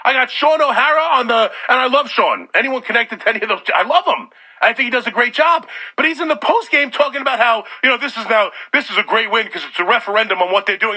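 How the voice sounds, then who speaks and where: High-pitched ranting New radio host. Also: male voice, fairly quick. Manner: loud, sarcastic, exasperated. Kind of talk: sports talk radio rant. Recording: radio broadcast.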